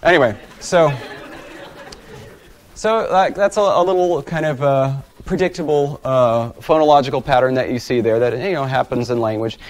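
A man's voice: mid-range voice, normal speed, a faint crowd. A man giving an academic lecture with slides, talking in a casual, self-deprecating way with many fillers. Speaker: guest lecturer.

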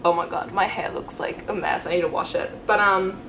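A woman's voice: mid-range voice, a little fast, slight background noise, rough recording. Gushing young woman book vlogger. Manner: excited, gushing, rambling with many fillers. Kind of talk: casual reading vlog.

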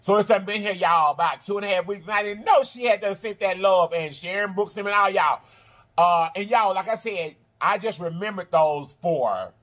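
A man's voice: high-pitched, moderate pace, a bit bright. A man with a Southern American accent chatting casually to his viewers, half talking and half singing in a drawling, repetitive way. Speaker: mukbang channel host. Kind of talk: casual vlog chat to viewers.

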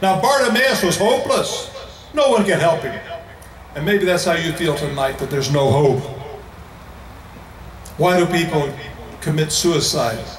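A man with an American accent preaching an emphatic evangelistic sermon to a large crowd, slowing down to stress key phrases. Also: a little high. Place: large indoor event venue. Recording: echoey hall, voice from far off.

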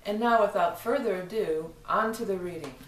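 A woman's voice: mid-range voice, moderate pace. A woman giving a casual, rambling tarot forecast, with frequent fillers and restarts. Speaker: tarot reader.

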